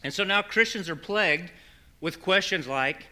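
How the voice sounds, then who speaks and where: A man's voice: high voice, moderate pace, bright, forceful tone. A man preaching a conversational sermon, an earnest, folksy pastor who often restarts his phrases. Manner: earnest, folksy storytelling with repeated starts.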